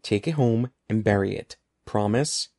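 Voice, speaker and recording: A man's voice: fairly low pitch, measured pace, mellow, dry recording, clean studio sound. A man doing a scared, insistent young boy. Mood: firm. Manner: urgent, firm.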